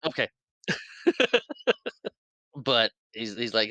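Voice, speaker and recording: A man co-hosting a podcast in casual chat, retelling a film with animated energy, acting out the lines and laughing often. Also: mid-range voice, slow pace, long pauses, dry recording, rough recording. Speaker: podcast co-host.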